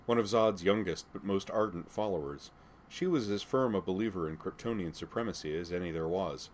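A man narrating a fan fiction story in a steady, measured reading. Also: sits low, slight background noise. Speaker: audiobook narrator.

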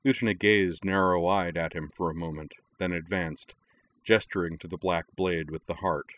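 Deep voiced guy reading a fanfic out loud, steady and dramatic. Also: moderate pace. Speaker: narrator. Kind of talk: audiobook reading of fan fiction.

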